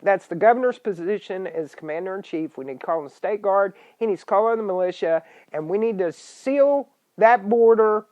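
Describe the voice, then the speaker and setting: Lady podcast host, mad and scolding, yells now and then, mid pitch, muffled lo-fi stream. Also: expressive, a little fast, hardly any pauses. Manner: angry, scolding, with loud outbursts. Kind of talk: ranting political podcast monologue. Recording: dull lo-fi internet radio stream.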